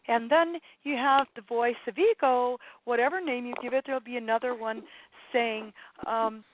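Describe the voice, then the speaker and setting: A woman's voice: on the high side, steady tone, measured pace, no room sound. A woman spiritual teacher giving an encouraging, rambling talk on a call-in show, repeating her points with many fillers. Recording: tinny phone line, dry.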